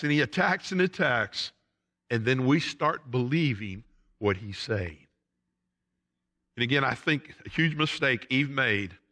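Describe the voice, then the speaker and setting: A Southern US pastor delivers an emphatic sermon with a bright, forceful voice. His intensity swells and drops as he preaches. The sound rings with the long reverb of a church sanctuary. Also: on the high side. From United States.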